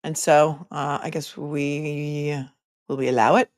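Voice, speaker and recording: Deep-voiced with little pitch movement, this middle-aged woman speaks slowly in a dry, clean studio recording. She's hosting a casual live stream, reading viewer comments out loud with snarky side remarks and frequent hesitations.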